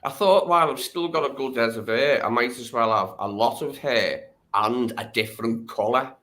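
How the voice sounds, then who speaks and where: A man with a Scouse accent chats casually, poking fun at himself between fillers. His voice is bright and forceful. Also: mid-range voice, normal speed. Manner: chatty, self-mocking, with fillers. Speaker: guest. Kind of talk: casual chat.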